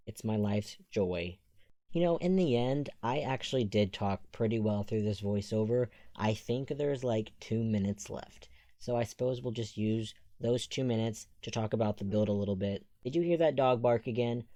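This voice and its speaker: A man's voice: lowish voice, mellow, no echo. A man chatting casually over a voiceover at home, rambling from one side topic to the next. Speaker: Sims speed-build creator.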